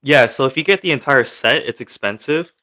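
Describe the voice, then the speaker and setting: Chatty and rambling, a young livestream host reads out viewer questions and answers them, using lots of fillers. His medium-pitched voice is fairly quick and sharp in tone.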